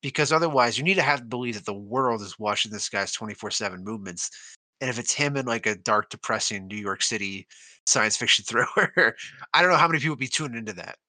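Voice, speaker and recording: A young man co-hosting a casual film podcast, animated and jokey, laughing often. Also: mid-range voice, fast talker, no room sound. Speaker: podcast co-host.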